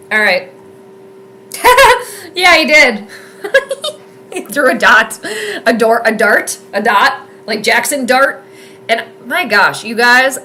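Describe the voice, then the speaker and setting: An animated young woman commenting live on a football game from her home. Her voice sits fairly high and sounds bright and forceful. She chats casually with viewers and shouts at the plays. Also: a little hiss or hum. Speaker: sports commentator and astrologer streaming live. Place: home room with space heater.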